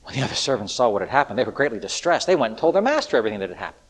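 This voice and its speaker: Earnest preacher in a reverberant hall. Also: male voice, mid-range voice, very animated, racing, slightly rough. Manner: earnest, rhetorical, swings between loud appeals and hushed lines. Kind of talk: sermon. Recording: echoey hall with long reverb.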